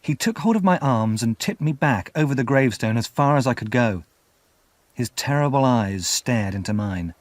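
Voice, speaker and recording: A male narrator reads a classic story for English learners in a clear, measured way. His pitch moves expressively through the sentences, and the recording is close and dry. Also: expressive, no echo. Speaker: audiobook narrator.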